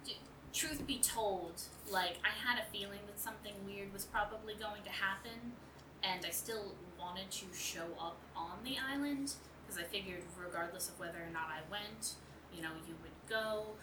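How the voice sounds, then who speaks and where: A woman voicing a steady, loyal male coworker who talks in an earnest, halting way. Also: medium pitch, close to an everyday voice. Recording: roomy distant noisy home recording.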